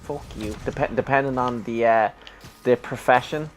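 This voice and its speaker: A man's voice: mid-range voice, steady tone. An Irish man in a casual let's-play chat, stumbling and restarting his sentences as he talks over the game. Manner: halting, stumbles and restarts a lot.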